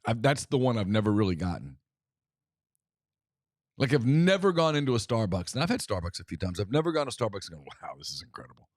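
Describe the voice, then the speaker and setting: A man's voice: mid-range voice, sing-song, a little fast, pauses often, darkish tone, no echo, clean studio sound. A middle-aged man co-hosting a casual sports talk show, chatty and exasperated with laughing asides. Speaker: co-host.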